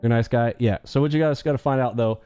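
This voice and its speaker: Joking live-stream host, male, mellow dark voice, faint music behind. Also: mid-range voice. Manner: joking, animated, acts out quick bits of dialogue. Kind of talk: casual live-stream chat.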